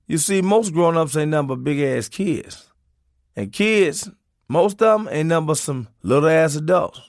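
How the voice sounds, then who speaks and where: A man narrating a comic memoir in a profane, preachy way, swinging his pitch for emphasis. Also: animated, unhurried, no room sound, clean studio sound.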